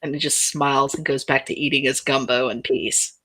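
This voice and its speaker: A woman's voice: very deep voice, steady tone, fairly quick, a bit bright, breathy edge. A woman narrating a tabletop role-playing game as game master, in a casual, playful way.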